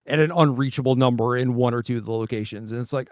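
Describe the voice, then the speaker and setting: A man's voice: medium pitch, fairly even intonation, quick pace, few pauses, no room sound. Laid-back man on a dry mic. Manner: laid-back, filler-heavy, loose storytelling. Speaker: podcast co-host. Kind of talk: casual card game chat.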